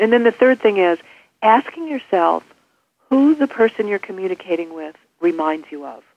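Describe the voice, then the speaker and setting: A woman author interviewed by phone, giving practical advice in numbered steps. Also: medium pitch. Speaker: author and guest expert. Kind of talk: interview on a call-in line. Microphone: telephone. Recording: tinny phone line.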